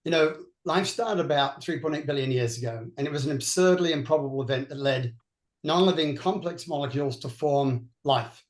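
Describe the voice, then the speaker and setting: A man's voice: on the high side, a little fast, echoey room. Australian-accented man explaining earnestly. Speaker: veterinary neurologist guest. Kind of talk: panel discussion answer.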